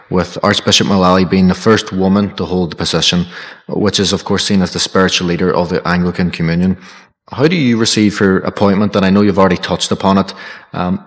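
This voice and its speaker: A young man moderating a live dialogue, posing formal questions with hesitant ums. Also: deep voice. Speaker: student society moderator. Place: college chapel. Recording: chapel with long reverb.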